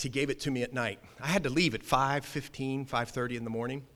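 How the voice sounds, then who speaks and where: A male pastor preaching a sermon, telling a personal story in an animated, emphatic way with quick restarts. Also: mid-range voice. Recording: long hall reverb.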